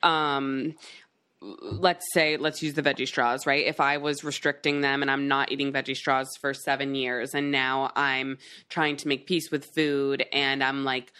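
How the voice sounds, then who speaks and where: A woman's voice: a bass voice, level tone, a little slow, pushed and bright, smooth. A woman co-hosting a podcast in casual chat, agreeable and affirming, with many "like" fillers. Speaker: podcast co-host.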